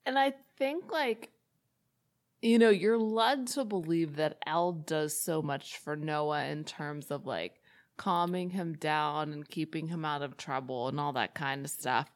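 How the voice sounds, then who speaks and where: Thirties woman, low voice, casual co-host, animated storyteller who laughs easily. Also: unhurried. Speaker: podcast co-host. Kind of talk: casual chat.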